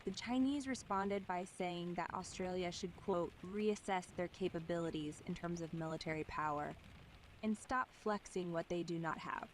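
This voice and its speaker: Woman doing a blunt news anchor, somewhat low voice, offhand irreverent delivery. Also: normal speed, slight background noise, lightly acted. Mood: dismissive. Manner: candid, offhand commentary. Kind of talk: mock news broadcast.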